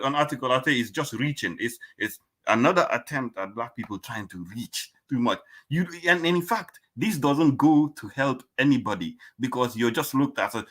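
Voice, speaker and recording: Bright, emphatic man on a panel. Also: mid-range voice. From Africa. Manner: impassioned, emphatic, mimics voices. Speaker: panel guest. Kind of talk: casual panel discussion.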